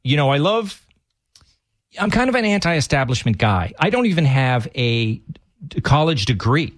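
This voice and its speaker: A man's voice: mid-range voice, big pitch swings, normal speed, dry recording, studio quality. A man with a Massachusetts accent, co-hosting a casual chat and telling long, rambling stories full of restarts. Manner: rambling storyteller, many restarts.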